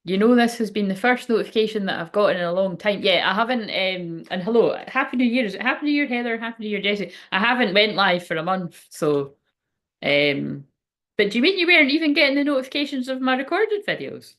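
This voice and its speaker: A woman talks casually on a home livestream, rambling from thought to thought with frequent swearing and breathless half-finished sentences. Her voice sits at a middle pitch. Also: animated, quick pace, fairly bright tone. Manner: rambling, emotional, swears freely, frequent laughs. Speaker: psychic medium livestream host.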